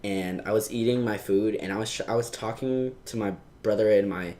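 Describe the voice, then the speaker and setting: A young man on a podcast, chatting casually, excitable and quick to laugh and cut in. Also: on the low side. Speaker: podcast co-host. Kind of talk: casual chat.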